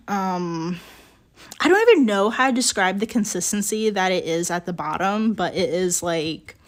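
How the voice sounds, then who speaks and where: A young woman talks at an unhurried pace while she works in her pottery studio. Her speech rambles, packed with fillers and small laughs, and her pitch sits in the middle range. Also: expressive. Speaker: streamer working on ceramics. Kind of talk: casual chat while working.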